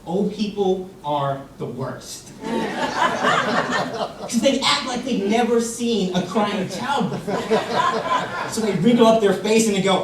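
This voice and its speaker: A young man delivering a comic contest speech on stage, his pitch leaping around as he tells the story. He sounds distant from the mic in a very echoey hall. A live audience murmurs behind him. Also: slow, pauses often, a loud crowd. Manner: animated storytelling, acts out voices. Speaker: contest speaker.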